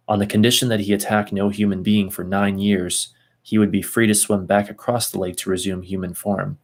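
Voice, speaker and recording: A man's voice: lowish voice, creaky. A man reading a text aloud at an easy pace, stopping for asides and second tries at hard names. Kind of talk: casual reading and commentary.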